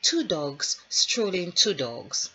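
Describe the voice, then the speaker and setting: A woman putting on a deadpan, unbothered man answering a judge, pitched low and kept quiet and flat. The lines come slow and drawn out with sweeping rises and falls. The recording is dull and lo-fi. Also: husky, full character voice. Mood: musing. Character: dry, unbothered man in court.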